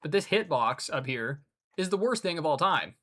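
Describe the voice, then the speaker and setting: A man's voice: fairly high pitch, expressive, moderate pace, fairly bright tone. A man streaming a hard game live, talking casually with an exasperated, rambling and joking manner.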